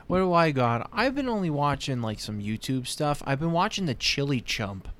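A man's voice: a little high, very animated, moderate pace, a bit bright. A man chatting on a casual podcast, rambling with lots of filler words. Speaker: podcast co-host.

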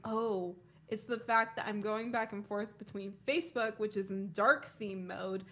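A young woman co-hosting a podcast, telling animated, swear-filled stories and laughing often. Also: mid-range voice, normal speed. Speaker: podcast co-host. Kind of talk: casual chat.

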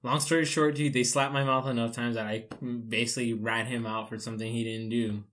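A man hosting a casual podcast, relaxed and joking, with plenty of slang. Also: medium pitch, fairly quick. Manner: laid-back, laughs often, casual slang. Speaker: podcast host.

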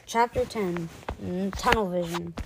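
A woman reading a children's chapter book aloud, expressive, with small stumbles and restarts. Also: on the low side, a little slow, noisy background. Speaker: reader.

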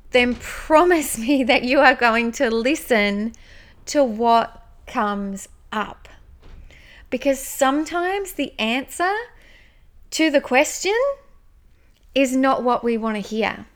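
A woman coaching listeners on trusting their intuition, in an encouraging, conversational way with casual fillers and restarts. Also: on the high side. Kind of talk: casual spoken guidance.

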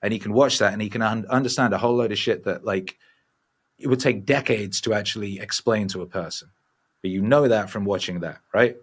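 Low-voiced man telling stories profanely. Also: brisk, slightly rough. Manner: profane, rambling, animated storyteller. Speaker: musician guest. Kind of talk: casual storytelling interview.

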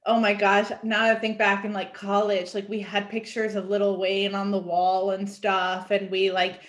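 A woman's voice: mid-range voice, level tone, moderate pace. A young woman author talking casually as a podcast guest, bubbly and full of fillers. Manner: bubbly, says "like" a lot. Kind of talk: casual interview chat.

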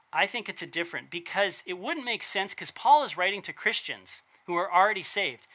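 A man's voice: high-pitched, bright, forceful tone. A man preaching a casual, conversational sermon, asking rhetorical questions and correcting himself as he goes. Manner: chatty, asks rhetorical questions, self-corrects.

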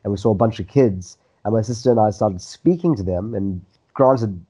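A low-voiced man with a mellow, dark tone and a diluted South African Indian accent. He talks in a relaxed, rambling way, full of fillers and restarts. The audio sounds slightly muffled. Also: normal speed, breathy edge. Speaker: guest, actor. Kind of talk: casual interview storytelling.

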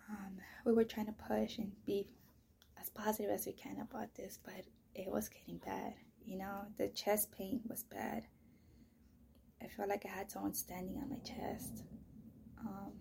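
A woman hosting her own podcast, telling a personal story in a casual, rambling, profane way, full of "you know" and "like", often dropping into soft, breathy near-whispers. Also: medium pitch, slight background noise. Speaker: podcast host.

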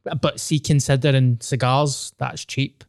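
Sweary Scottish podcast host. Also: male voice, mid-range voice, steady tone, unhurried, vocal fry, no echo, clean studio sound. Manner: blunt, sweary, joking. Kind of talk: casual podcast chat. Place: venue with a dry sound.

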